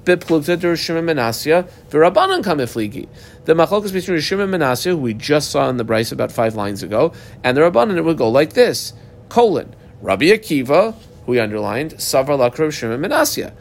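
A man's voice: a little high, very animated, brisk. A man teaching a Talmud class, reading Aramaic lines aloud and then explaining them in plain English.

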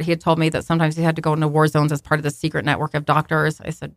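A woman telling a personal story on a podcast, in a casual, animated way, acting out what people said with many fillers. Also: low voice, quick pace, dry recording, studio quality. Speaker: guest telling her story.

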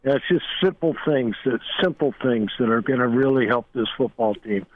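A man's voice: medium pitch, normal speed, dry recording. A man calling in to a sports radio show and giving his opinion bluntly and insistently. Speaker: radio caller. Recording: phone line.

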